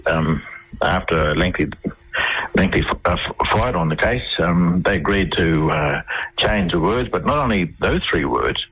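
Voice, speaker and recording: A man's voice: low voice, a bit bright, husky, rough recording. A man telling long, rambling anecdotes as a guest in a radio interview, often restarting his sentences.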